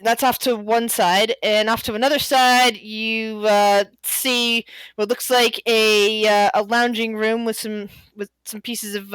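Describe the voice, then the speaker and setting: A young woman narrating as game master, halting with many fillers and restarts. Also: medium pitch, a bit bright, clean tone, no room sound, low-quality recording.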